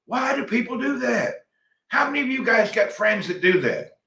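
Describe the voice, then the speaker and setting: A man's voice: very high-pitched, moderate pace, creaky, echoey room. Folksy man chatting live. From Tennessee, USA. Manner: rambling, animated, folksy. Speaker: livestream host. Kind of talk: casual live chat reading comments.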